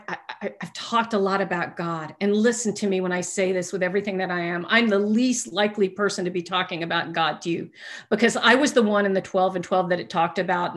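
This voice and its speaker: Woman sharing at a recovery meeting: earnest, emphatic, talks through restarts, goes hushed for retold dialogue. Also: mid-range voice. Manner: drops to a hushed voice when retelling dialogue. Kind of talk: personal testimony share.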